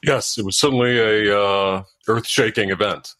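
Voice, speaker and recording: Low-voiced, measured male interview guest. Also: fairly bright tone, no echo. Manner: measured, thoughtful, with frequent hesitations. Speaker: guest, former diplomat and author. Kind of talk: interview answers.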